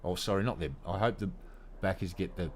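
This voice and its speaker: Deep-voiced, foul-mouthed Australian man in his fifties. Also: fairly quick, a little hiss or hum. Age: 50s. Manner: blunt, heavily profane ranting. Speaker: gaming vlogger. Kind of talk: casual rant to camera.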